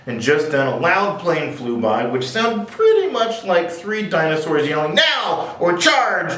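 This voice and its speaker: Guy doing library storytime, super lively voice, echoey room, mic far off. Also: on the high side, a little slow. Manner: playful, jokey asides. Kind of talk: reading picture books aloud.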